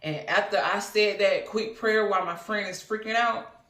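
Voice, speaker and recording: A woman's voice: mid-range voice, normal speed, a bit bright. A woman recounts a personal story in a loose, rambling, earnest way, filling gaps with "um" and side remarks. Her voice sits some way off the mic, and the room around it rings noticeably. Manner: rambling, earnest, many fillers and asides. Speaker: vlogger. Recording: roomy, mic at a distance.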